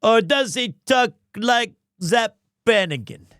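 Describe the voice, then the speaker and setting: A man's voice: very high voice, lively intonation, slow, a bit bright, smooth, no room sound, studio quality. A man streaming a game live, commenting playfully and animatedly as he plays.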